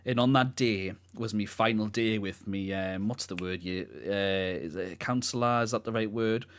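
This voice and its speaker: A man's voice: fairly low pitch, fairly even intonation, moderate pace, clean tone. A young man, co-hosting a podcast, telling a personal story in a rambling, heartfelt way. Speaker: podcast co-host. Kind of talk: casual podcast chat.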